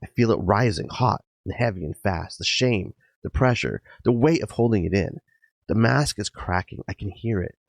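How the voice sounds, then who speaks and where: A man with a low, gravelly voice narrates a personal story in a dramatic first person, swinging between hushed passages and sharp outbursts. His tone has a husky edge, and the sound is dry and close. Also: animated, normal speed, no room sound. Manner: intense, emotional, swinging between quiet and sudden loud outbursts. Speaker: podcast host. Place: garage.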